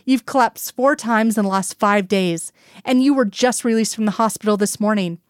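Scully, a woman reading as a calm female agent. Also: mid-range voice, moderate pace, clear, resonant tone, dry recording, studio quality, close to an everyday voice. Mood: controlled. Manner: even, quietly certain.

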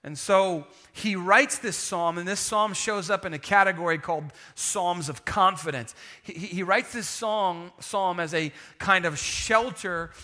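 A man preaching a sermon in an animated, humorous way, calling out to the congregation and dropping to a hushed voice to drive points home. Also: high-pitched, measured pace, few pauses. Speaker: pastor.

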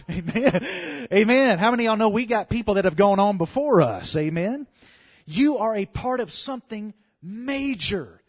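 Southern preacher, man, tenor range, animated sermon delivery. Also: sits high, measured pace, breathy edge. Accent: Louisiana Southern US. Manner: animated, swells to loud calls of "come on" and "amen".

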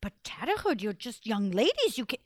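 A woman voicing a cautious older king who tells his daughters to keep still, speaking low and slowly. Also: very animated, no room sound, studio quality. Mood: doubtful. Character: gruff cautious old king father.

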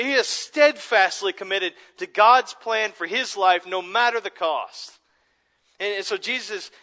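A man preaching a sermon as pastor, earnest, moving between quiet reflective passages and emphatic declarations. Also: high voice, in a large hall.

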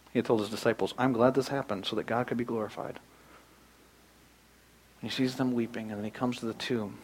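A man in his thirties preaching a sermon, animated, swinging from loud bursts to hushed asides. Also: mid-range voice, moderate pace, pauses often, a little hiss or hum, poor audio. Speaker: pastor.

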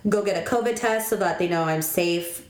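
A woman's voice: lowish voice, a little fast. A young pregnant woman telling stories in a casual chat with a friend, chatty and giggly, acting out quoted lines. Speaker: co-host. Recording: echoey room.

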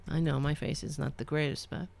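A woman commenting on a video, sarcastic and swinging from loud rants to low muttering. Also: flat delivery, fairly quick, creaky, slight background noise. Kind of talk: casual reaction commentary.

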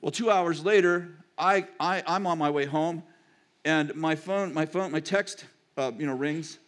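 A man's voice: on the high side, measured pace, fairly bright tone. An older man, a pastor and grandfather, preaching a sermon in a chatty, digressive storytelling manner.

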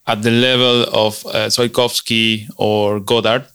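A man's voice: lowish voice, level tone, unhurried, fairly bright tone, clear, resonant tone. A man co-hosting a podcast in casual chat, thinking aloud with many restarts. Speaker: podcast co-host.

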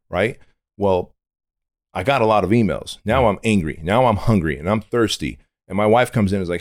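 Guest: middle-aged man from Armenia, deep gravelly voice, blunt and intense, dry close sound. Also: a little fast, no echo. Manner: intense and blunt, casual swearing. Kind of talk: candid storytelling interview.

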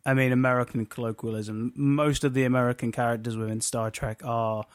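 A man's voice: medium pitch, little pitch movement, a little fast, clear, resonant tone, no room sound, studio quality. A man chatting casually as a podcast co-host, rambling and restarting his thoughts as he goes. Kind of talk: casual chat.

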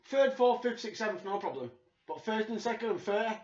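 A man with a Yorkshire accent co-hosting a podcast, talking in an animated, excitable way and swearing freely. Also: sits high, brisk. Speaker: podcast co-host. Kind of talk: casual chat. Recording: echoey room, dull lo-fi sound.

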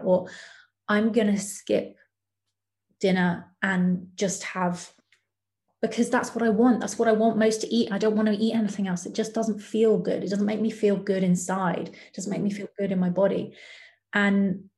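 A young adult woman speaking candidly as an interview guest, reflective and hesitant, with many pauses and ums. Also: medium pitch, level tone, darkish tone. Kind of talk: candid personal interview talk.

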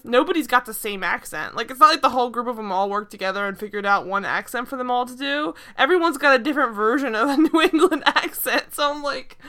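A young woman co-hosting a podcast, recapping a TV episode in casual chat, animated and exasperated, laughing often with lots of fillers. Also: fairly high pitch. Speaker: podcast co-host.

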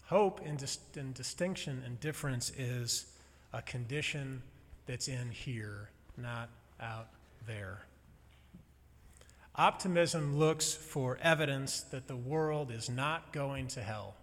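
A man preaching a sermon to a congregation, earnest and building to loud emphasis. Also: mid-range voice, takes it slowly. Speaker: pastor. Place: church sanctuary. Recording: long reverb of a large hall.

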